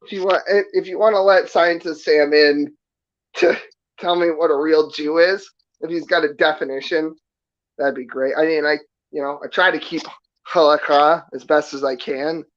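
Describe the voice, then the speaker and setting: A man's voice: fairly high pitch, fairly even intonation, moderate pace. Profane, sarcastic man from New York. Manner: defensive, profane, sarcastic rant. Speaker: stream guest. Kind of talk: heated casual chat. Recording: dull lo-fi stream audio.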